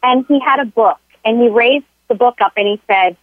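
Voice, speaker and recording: High-voiced woman on a tinny phone line. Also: normal speed, dry recording. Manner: earnest, motivational. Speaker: guest, health coach. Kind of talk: interview storytelling.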